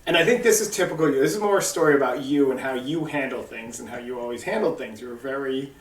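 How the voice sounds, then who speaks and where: A middle-aged man telling family stories to his mother in a relaxed, wry way. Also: mid-range voice, quick pace. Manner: relaxed, wry storyteller who trails off and laughs. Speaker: son interviewing his mother. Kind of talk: casual family storytelling. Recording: roomy sound from far off the mic.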